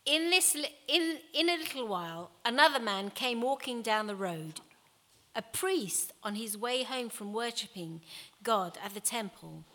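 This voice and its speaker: A woman voicing a kindly male teacher telling a parable, gentle and expressive, with long hall reverb. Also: on the high side, a little slow, heavily acted. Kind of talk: reading a Bible story aloud.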